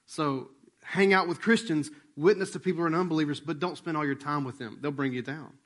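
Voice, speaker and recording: A little fast, this pastor's storytelling sermon is loose and chatty, delivered in a voice slightly higher than most men's. He brings remembered dialogue to life by acting out the people in the story, and he lowers nearly to a hush at tender moments.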